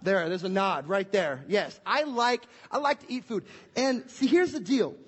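Young man, pastor, family sermon, husky high voice, playful, church hall with long reverb. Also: normal speed. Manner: energetic and playful, acting out scenes.

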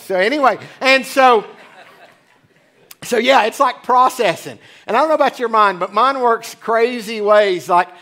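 A pastor in his forties with a high, slightly bright voice gives a casual sermon in a church sanctuary. He's chatty and drops in joking asides.

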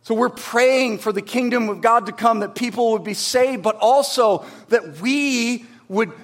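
A man preaching a sermon in an earnest, conversational way, swinging between emphatic peaks and quiet low passages. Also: a little slow. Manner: conversational with tag questions and restarts. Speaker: pastor.

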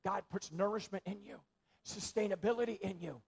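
A man preaching a sermon in a church, repeating phrases for emphasis and swinging between loud stress and near-whispers. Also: high-pitched, brisk, gravelly, husky.

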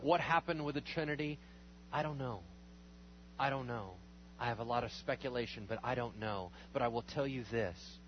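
A pastor preaches, praying over communion and reading scripture aloud, his voice climbing loud and high on emphatic lines before sinking to low murmurs. The recording is slightly dull, with a faint hum.

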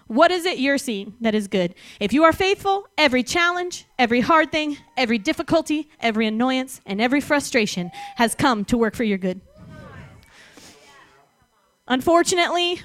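A woman giving a sermon, animated and emphatic, often laughing between phrases. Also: high voice, dry recording. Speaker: speaker.

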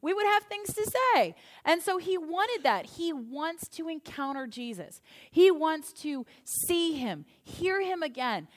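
High-voiced woman pastor preaching. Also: measured pace. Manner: conversational, animated storytelling. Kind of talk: sermon.

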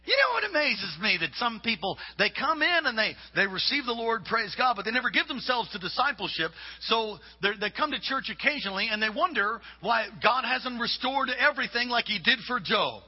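A man preaching a sermon, reading scripture and building to loud shouted points. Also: extremely high pitch, expressive, a little fast, few pauses, husky. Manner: preaching with rising shouts and acted-out quotes. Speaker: pastor. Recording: echoey hall, dull lo-fi sound.

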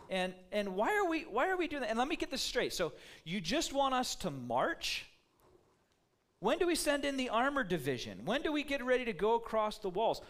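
An anxious, doubting army chief, as a man puts him on, his voice pushed up high and questioning. He sounds incredulous and a touch exasperated. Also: fairly bright tone. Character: anxious, skeptical male army leader.

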